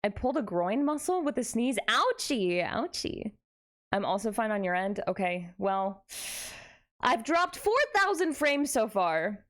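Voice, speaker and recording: A woman's voice: a little high, unhurried. A young adult woman streaming live, chatting casually with her viewers in a playful, dramatic way. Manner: animated, playful, dramatic exclamations.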